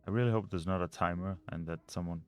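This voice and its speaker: A man's voice: sits low, fairly even intonation, fast, faint music behind. A man playing a mystery video game, reading notes and letters aloud and muttering over the puzzles. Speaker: let's play gamer.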